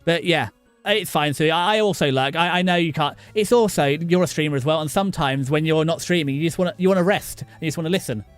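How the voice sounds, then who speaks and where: A middle-aged man from southern England chats casually with his viewers while playing a game, his voice smooth and on the high side. As a streamer, he talks to chat by name and often restarts his sentences haltingly. The recording is dry, with soft music behind him.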